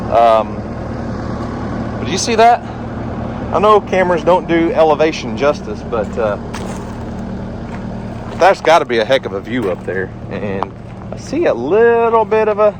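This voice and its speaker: Okla guy out of breath hiking uphill w/ his camera, mid-pitch voice, keeps saying holy moly at the view. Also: background noise. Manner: chatty, easily amazed, exclamations like holy moly. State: out of breath from climbing. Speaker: homestead vlogger. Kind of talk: casual outdoor vlog, walking and talking. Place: outdoors on a wooded hilltop.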